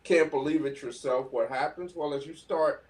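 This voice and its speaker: A man's voice: fairly high pitch, moderate pace, darkish tone. Earnest man heard from a distance. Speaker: panelist. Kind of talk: casual panel discussion.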